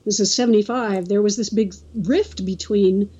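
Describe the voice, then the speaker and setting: Halting storyteller woman from California, mellow voice. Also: medium pitch, steady tone, slightly rough, highs cut off. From California Central Coast. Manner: halting, restarts often, acts out quotes. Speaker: interview guest. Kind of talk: casual storytelling.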